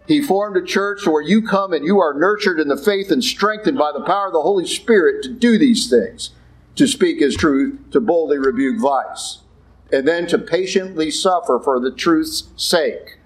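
Male priest, higher register, conversational sermon, blunt asides, acts out quotes. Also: moderate pace, poor audio. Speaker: Catholic priest.

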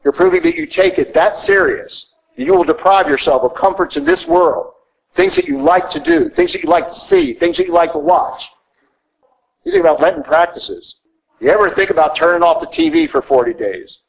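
A man preaching a sermon, emphatic and rhetorical, pushing his voice up high to stress key words. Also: sing-song, normal speed, vocal fry, rough recording. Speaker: priest.

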